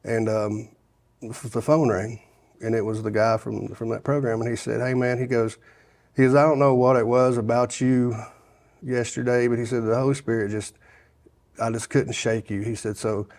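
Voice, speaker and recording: A middle-aged man from Sevier County, Tennessee, recounts his life as a testimony in a casual interview, speaking at normal speed. His medium-pitched voice is creaky and darkish, with fairly even intonation. He rambles, often restarting and filling in with "you know."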